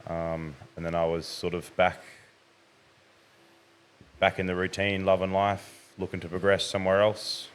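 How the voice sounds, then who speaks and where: A young man, a podcast guest talking through his recent past in a measured way, often hedging. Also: low voice, monotone, smooth. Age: young adult. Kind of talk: casual interview.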